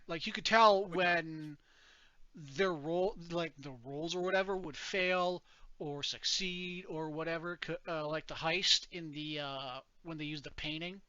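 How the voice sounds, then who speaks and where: A man's voice: fairly high pitch, measured pace, bright, forceful tone, clean tone, lo-fi sound. A man co-hosting a podcast in casual chat, rambling, with many restarts and frequent laughs. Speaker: podcast co-host.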